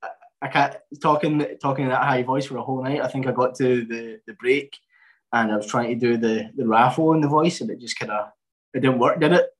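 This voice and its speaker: A man's voice: mid-range voice, a little fast, rough recording. A man in his twenties talks casually as a podcast guest. He wanders through his story with plenty of fillers and false starts. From Scotland. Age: 20s. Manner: rambling, many fillers and restarts. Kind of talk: casual chat.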